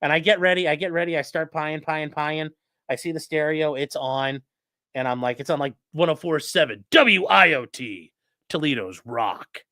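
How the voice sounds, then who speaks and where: A man in his late thirties telling a story in a casual, animated and profane way as the host of a livestream, full of gun jargon. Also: a little high, normal speed, dry recording. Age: late 30s.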